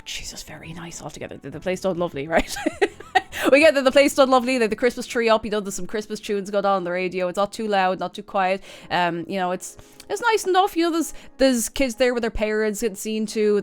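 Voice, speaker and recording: An Irish woman streamer tells a story in a casual chatty way, laughing often as she goes. Her pitch sits in an ordinary middle range. Faint music plays softly behind her. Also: clear, resonant tone.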